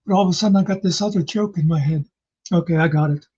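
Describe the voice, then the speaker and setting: A man's voice: on the high side, fast talker, mellow, husky, lo-fi sound. A man casually telling jokes as host, rambling and folksy in his storytelling.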